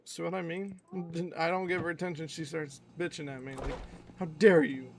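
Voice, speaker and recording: High-pitched guy on his stream, casual and sweary, keeps telling his dog no, bit of hiss in the back. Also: brisk, a bit bright. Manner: scolding his dog between chatty asides, swears freely. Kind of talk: casual chat on a live stream.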